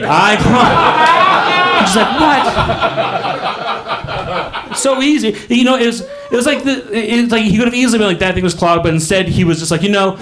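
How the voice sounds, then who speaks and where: A man doing a stand-up comedy set on a club stage, telling rambling stories and acting out the voices of people in them. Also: high voice. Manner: rambling storytelling, acts out quoted voices. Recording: live club with crowd laughter. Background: audience laughter.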